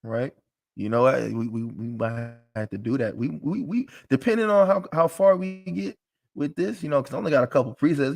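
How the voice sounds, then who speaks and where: A man's voice: medium pitch, brisk, gravelly, a little mellow. A man teaching a live class in a casual, emphatic, joking way, with frequent restarts.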